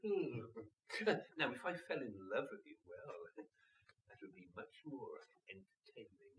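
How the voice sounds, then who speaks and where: A man acting a cheeky servant who plays a pompous gentleman, chortling and mock-grand, in a stage comedy. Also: medium pitch, big pitch swings, a little slow, noisy background. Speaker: amateur stage actor. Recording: roomy stage sound from far off.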